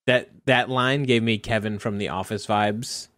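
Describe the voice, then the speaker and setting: Deadpan male podcast co-host. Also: fairly low pitch, a little slow, no room sound, studio quality. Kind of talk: casual chat.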